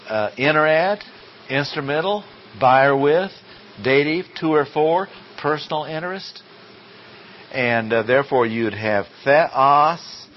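A man teaching Greek grammar from the Bible in a classroom lecture, deliberate and full of rhetorical questions. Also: medium pitch, a little hiss or hum. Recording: dull lo-fi classroom recording.

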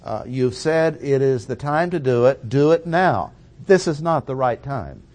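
A man gives an expository Bible teaching at an unhurried pace. He lands his points deliberately and repeats key phrases for emphasis. His voice sits in an ordinary middle register. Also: mid-range voice, lively intonation, a little mellow. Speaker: preacher.

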